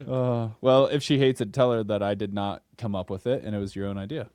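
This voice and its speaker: A man hosting a podcast interview, chatting casually and laughing often with a relaxed, filler-heavy way of talking. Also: on the low side, brisk, clean tone, dry recording, clean studio sound. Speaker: podcast host.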